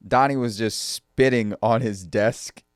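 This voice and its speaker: A man's voice: mid-range voice, fairly even intonation, unhurried, clean tone, no room sound, clean studio sound. A man in casual chat as a podcast co-host, giving short, laid-back replies and telling his own childhood stories.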